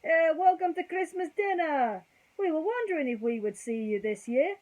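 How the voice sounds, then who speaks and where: A boisterous Italian restaurant owner, put on by a woman storyteller. He speaks in a thick Italian accent, loud and exclamatory, pitched well up and bursting with greetings. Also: lively intonation, normal speed, low-quality recording. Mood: effusive welcome.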